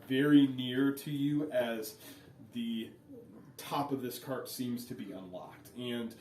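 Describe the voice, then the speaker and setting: A man running a tabletop game as game master, narrating in a relaxed way with many fillers. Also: mid-range voice. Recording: echoey room, voice from far off.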